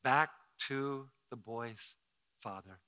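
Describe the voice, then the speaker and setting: A man preaching as a pastor, moving from quiet, close talk to loud, shouted declarations. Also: medium pitch, slow, smooth. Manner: swings from hushed intimacy to shouted preaching. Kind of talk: sermon. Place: church with several campuses.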